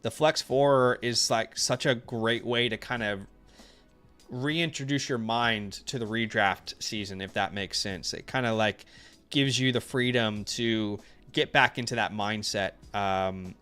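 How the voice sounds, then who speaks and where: A man co-hosting a casual live stream, relaxed and opinionated, laughing easily. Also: fairly low pitch, smooth. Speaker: co-host of a fantasy football stream.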